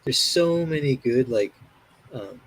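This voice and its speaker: Husky-voiced man chatting on a stream. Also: medium pitch, lively intonation, slow pace. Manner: rambling, enthusiastic storytelling. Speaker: co-host. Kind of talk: casual live-stream chat.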